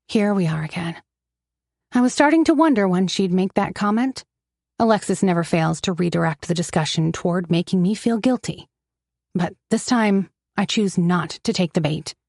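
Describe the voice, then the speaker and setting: A woman narrating a first-person romance story with steady, wry storytelling. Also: fairly low pitch, moderate pace, vocal fry, no room sound, studio quality.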